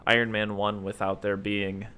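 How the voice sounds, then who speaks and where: Laid-back man rambling about a movie. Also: lowish voice. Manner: relaxed, rambling with fillers and quoted bits. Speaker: podcast co-host. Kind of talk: casual movie discussion.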